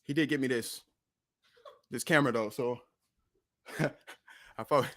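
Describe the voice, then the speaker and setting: A man's voice: medium pitch, slow. A man hosting a casual music livestream, talking in a loose, rambling way with swearing and frequent self-corrections. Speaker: streaming show host and rapper.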